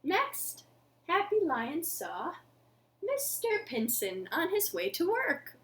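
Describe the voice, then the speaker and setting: Woman, children's librarian, storytime read-aloud, very animated, slow, bright, at home. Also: very high-pitched. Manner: expressive, dramatic, drawn-out storytelling with pauses for suspense.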